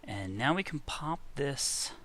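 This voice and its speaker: A man's voice: mid-range voice, lively intonation, slow, fairly bright tone, a little hiss or hum. Chatty man muttering over gameplay. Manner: chatty, muttering to himself, frequent exclamations. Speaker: gaming video creator. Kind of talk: casual gameplay commentary.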